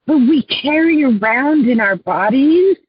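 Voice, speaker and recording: A woman coach with a husky, slightly high voice tells her clients' stories as a guest. She speaks earnestly and from the heart, now and then clearing her throat. The sound is dry, dull and lo-fi. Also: animated, a little slow, no room sound. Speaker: life coach. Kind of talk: guest storytelling in an interview.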